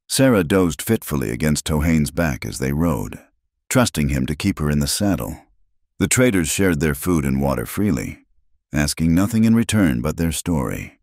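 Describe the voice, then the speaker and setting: A very deep male voice narrates a frontier story with dramatic expression. His pitch rises and falls in a lively way. The recording is dry and close, with no room sound. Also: no echo.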